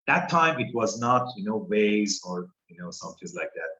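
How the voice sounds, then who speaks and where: A man, a guest telling a story in halting English full of fillers over a video call. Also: on the low side, sing-song, bright, forceful tone, reverberant, muffled recording. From Iran. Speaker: guest author. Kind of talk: interview storytelling.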